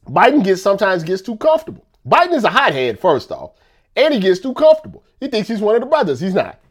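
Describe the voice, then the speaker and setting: Animated man ranting, lively pitch. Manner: animated, repeats himself, rhetorical questions. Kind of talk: casual political rant.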